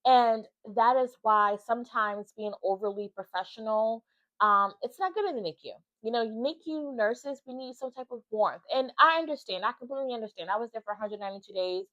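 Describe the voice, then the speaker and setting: A woman's voice: on the high side, brisk, dull audio. A woman, a mother, talking earnestly and emphatically in a casual vlog about her time with her baby in intensive care. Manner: earnest and emphatic, animated storytelling. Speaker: mother of a former NICU baby, vlogger.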